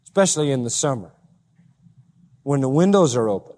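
A male pastor preaching a sermon, full of rhetorical questions and building to forceful, emphatic climaxes. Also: medium pitch, animated, a little fast. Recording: long hall reverb.

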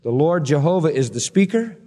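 High-voiced preacher man in a reverberant hall. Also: big pitch swings, fairly quick. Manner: dramatic, swings from loud proclamation to hushed emphasis. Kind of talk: expository sermon.

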